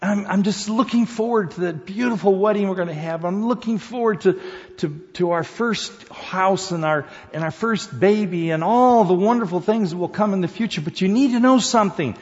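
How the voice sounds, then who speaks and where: A man voicing a gushing young woman who has just gotten engaged, in a high, breathless, pleading voice. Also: moderate pace, a little mellow, lightly acted. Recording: dull sound in reverberant hall.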